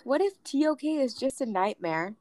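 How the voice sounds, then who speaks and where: Teenage girl, American accent, higher-pitched voice, casual joking podcast chat, dry close sound. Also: sing-song, a little mellow, no room sound. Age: teens. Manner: joking, rambling, quick asides. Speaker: podcast co-host.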